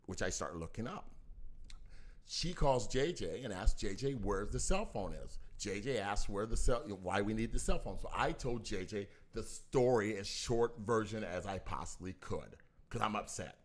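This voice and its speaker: A man telling a personal story in casual talk, talking forcefully and acting out both sides of an argument. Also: lowish voice, moderate pace. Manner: animated, acts out both sides of a dispute; talks forcefully.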